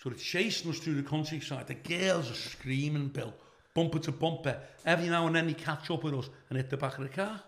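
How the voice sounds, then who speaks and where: A man's voice: a little high, brisk, hardly any pauses, a bit bright, reverberant. An older man with a Liverpool accent, a comedian telling brash, profane stories in a casual interview. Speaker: comedian, guest.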